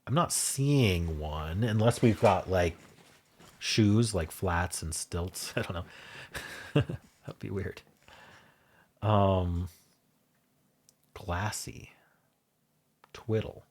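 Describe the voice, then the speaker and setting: A man with a deep voice and a touch of husk hosts a casual puzzle stream. He thinks out loud, wandering between guesses and doubting himself. He speaks close to a desk mic in a quiet home room. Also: drawn-out words, long pauses. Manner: thinks aloud, musing and unsure. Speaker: puzzle video host. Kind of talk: casual solo puzzle commentary.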